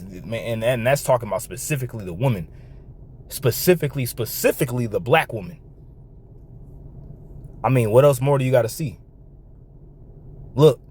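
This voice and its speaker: A man giving a reaction commentary and reading scripture, talking in an animated way with repeated words, restarts and laughs between remarks. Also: mid-range voice, moderate pace, pauses often, a little hiss or hum. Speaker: online commentator.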